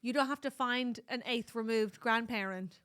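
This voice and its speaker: Chatty Irish woman with a high voice. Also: normal speed. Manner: chatty, animated, gives warm advice with swearing. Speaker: podcast co-host. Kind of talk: casual chat.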